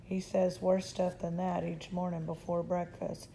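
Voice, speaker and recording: Joking shrugging kid, lady reading her, slow and mellow. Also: on the low side, completely flat delivery, creaky, slight background noise. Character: shrugging, wisecracking young girl.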